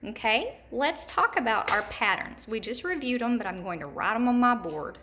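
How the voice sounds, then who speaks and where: A woman teaching a third grade word study lesson, enunciating slowly and repeating example words for young children. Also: fairly high pitch, expressive, bright, forceful tone, slight background noise. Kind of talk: recorded remote lesson.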